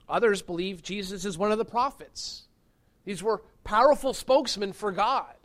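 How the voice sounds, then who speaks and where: A man's voice: high-pitched, normal speed, a bit bright. A man preaching a sermon as pastor, earnest and emphatic, pressing his points with rising stresses.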